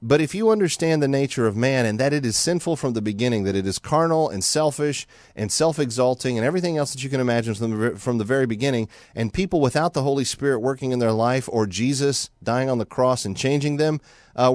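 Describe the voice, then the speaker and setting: On a studio microphone with a clean, echo-free sound, an American host talks fairly quickly in a medium-pitched voice. His radio monologue is energetic, occasionally mocking, and full of acted-out voices.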